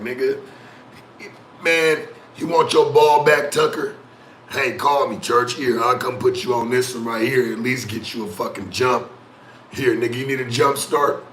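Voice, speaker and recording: A man rants to his stream, profane and mocking, and tells the story with a lot of animation. His voice is bright and forceful. He records in an echoey room with a faint hum of ambience. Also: medium pitch, steady tone, moderate pace. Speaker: streamer and talk show host. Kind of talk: casual rant to live stream chat.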